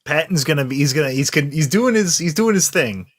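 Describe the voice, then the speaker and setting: A man's voice: on the high side, expressive, fast. Man thinking aloud as a tabletop player. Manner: thinks aloud with many restarts. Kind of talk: tabletop role-play chat.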